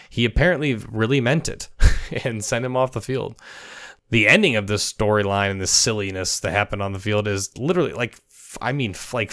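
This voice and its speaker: A man's voice: fairly low pitch, a bit bright. A man hosting a football video, chatting casually over game clips and laughing now and then as he guesses what players said. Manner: chatty, laughs while narrating, guesses at quoted lines.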